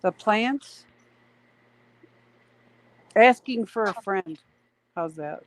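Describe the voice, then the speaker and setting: On a relaxed late-night livestream, this Canadian co-host chats and reads out viewer comments in a drawn-out, chatty manner. Her mid-range voice is animated, though the recording quality is low.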